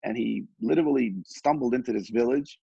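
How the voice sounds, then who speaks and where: Gravelly man teaching a Torah lesson. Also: medium pitch, a little fast, warm tone, no echo. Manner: repetitive restarts, storyteller. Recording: dull, dry lo-fi recording.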